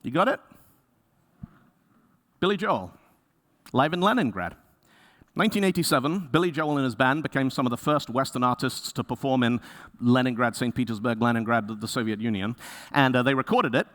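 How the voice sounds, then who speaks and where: A man giving a conference talk, telling stories in a lively way and acting out the people he quotes. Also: mid-range voice, quick pace. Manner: lively storyteller, acts out quoted voices. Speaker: conference speaker. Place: conference stage.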